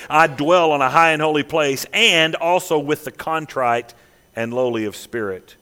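A man preaching a sermon as pastor, emphatic, dropping to hushed, slow lines and rising again. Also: mid-range voice. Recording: long reverb of a large hall.

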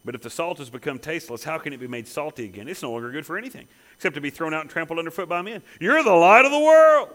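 Man, sermon, emphatic preaching, rhetorical questions, fairly high voice, very lively pitch. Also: rapid-fire, hardly any pauses, poor audio. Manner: emphatic, rhetorical questions, rising to loud peaks.

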